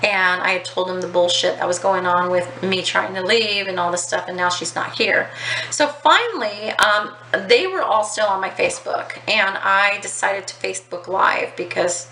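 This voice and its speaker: A woman's voice: medium pitch, moderate pace, pushed and bright. A woman vlogger telling a casual story, chatty and swearing freely, with lots of ums and likes. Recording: echoey with faint outdoor noise.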